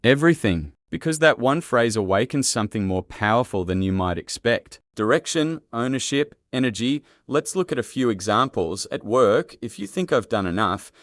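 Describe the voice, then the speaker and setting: A man giving calm, measured, scripted self-help narration in an instructive tone. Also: medium pitch, no echo, clean studio sound.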